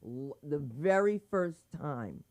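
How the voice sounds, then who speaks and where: Frank, dark-voiced comedy teacher. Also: medium pitch, lively intonation, slow pace. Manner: frank, advising, anecdotal. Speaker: comedy teacher giving feedback. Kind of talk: casual coaching chat.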